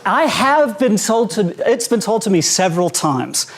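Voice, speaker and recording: A high-pitched young man with a South African accent delivers a stand-up routine, his voice swooping up and down as he jokes. He talks in an animated, playful way. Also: normal speed. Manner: animated, jokey, acts out quoted voices. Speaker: stand-up comedian. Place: conference hall stage with a live audience.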